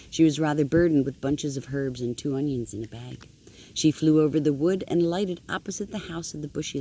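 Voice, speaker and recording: An older grandmother reads a picture book aloud at home, gentle and affectionate, stopping now and then to point at the pictures. Her voice is mellow and warm-toned, with a faint hiss of background noise. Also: deep voice.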